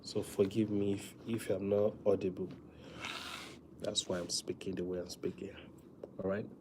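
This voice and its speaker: A man chatting casually to viewers on a live stream, talking softly with many fillers because he is feeling weak. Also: low voice, little pitch movement, noisy background. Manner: soft, drawn-out talk with many fillers.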